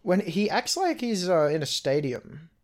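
A man's voice: sits high, sing-song, measured pace. A man, co-hosting a casual podcast and telling a long story in a chatty way, often acting out what others said. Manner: chatty storytelling, quotes people in reported speech. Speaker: podcast co-host. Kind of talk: casual chat.

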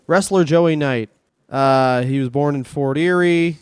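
A man's voice: a little high, a little slow, clean tone, dry recording, clean studio sound. A man from Canada, a comedian co-hosting a podcast, telling rambling, profane anecdotes in casual chat.

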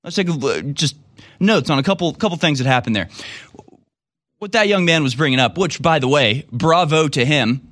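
A man's voice: fairly high pitch, lively intonation, normal speed, a bit bright, dry recording. Sarcastic man giving commentary. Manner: sarcastic, emphatic. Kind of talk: casual commentary.

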